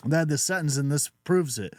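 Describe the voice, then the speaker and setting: A man's voice: fairly high pitch, fairly quick, no echo, studio quality. A man with a Pacific Northwest accent, co-hosting a comedy podcast and telling stories in a loose, joking way, acting out what others said. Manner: animated storyteller who acts out quotes. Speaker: podcast co-host. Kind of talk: casual comedic chat.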